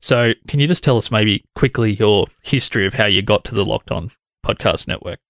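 A man's voice: fairly low pitch, fairly quick, fairly bright tone, dry recording, studio quality. An Australian man hosting a podcast, welcoming and questioning his guest in an easygoing, chatty way. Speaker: podcast host. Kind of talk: casual conversational interview.

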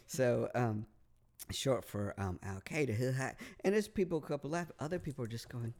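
A man's voice: medium pitch, moderate pace, a little mellow. A man telling a long story in casual podcast chat, rambling, repeating words, swearing and using lots of fillers. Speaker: podcast guest.

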